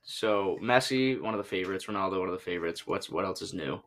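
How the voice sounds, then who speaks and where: A man's voice: deep voice, quick pace, a bit bright. A young man co-hosting a podcast in casual, rambling, profane chat. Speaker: podcast co-host.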